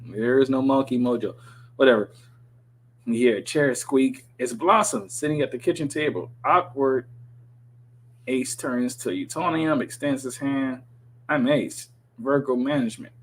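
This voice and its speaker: A man's voice: medium pitch, a little hiss or hum, rough recording. Profane, sarcastic man reading a script. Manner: profane, sarcastic running commentary. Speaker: podcast host reading a script aloud. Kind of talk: casual commentary reading a script.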